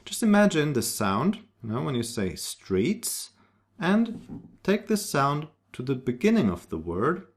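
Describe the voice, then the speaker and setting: A man's voice: mid-range voice, big pitch swings, measured pace. A man teaching a pronunciation lesson, spelling out sounds and carefully repeating example words. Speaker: language teacher. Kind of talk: slow, deliberate pronunciation lesson.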